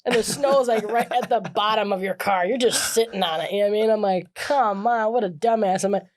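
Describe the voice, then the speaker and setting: A woman's voice: mid-range voice, fast talker, a crowd in the background. A woman guest on a podcast, chatting casually, swearing freely and laughing as she retells stories. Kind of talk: casual chat.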